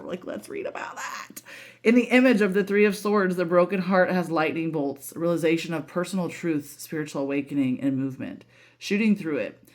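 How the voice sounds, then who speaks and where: A woman giving a casual tarot reading, emotional and candid, swearing freely and talking with lots of fillers. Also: low voice. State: voice breaking with emotion. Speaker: tarot reader.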